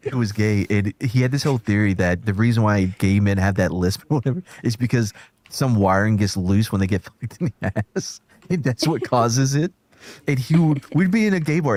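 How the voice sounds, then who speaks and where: A man's voice: lowish voice, very animated, brisk, darkish tone, no room sound. A man hosting a casual chat show, crude, joking and rambling. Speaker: host.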